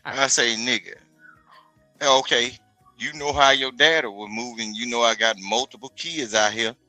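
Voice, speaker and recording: A man's voice: medium pitch, fairly even intonation, normal speed, pushed and bright, no echo, soft background music, rough recording. A man talking in casual chat, telling things in a profane, streetwise way. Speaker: podcast guest.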